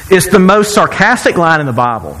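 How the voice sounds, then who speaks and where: A man preaching a sermon, joking and sarcastic, who jumps up in pitch when he acts out the people's cries. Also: brisk, long reverb tail, rough recording. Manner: animated, jumps high to act out quoted cries. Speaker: pastor.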